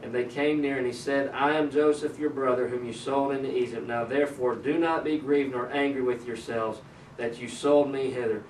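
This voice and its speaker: A man's voice: mid-range voice, fairly even intonation, normal speed. Man teaching a Bible study in an echoey room. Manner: reads scripture aloud, then explains it conversationally. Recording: echoey room, mic at a distance, faint ambient noise.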